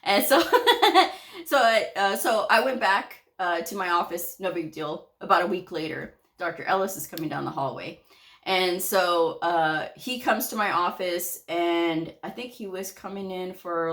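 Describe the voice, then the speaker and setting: Chatty low-voiced woman telling work stories. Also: normal speed, fairly bright tone. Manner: chatty, laughs often, acts out quoted dialogue. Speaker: medical coder. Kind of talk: casual storytime vlog.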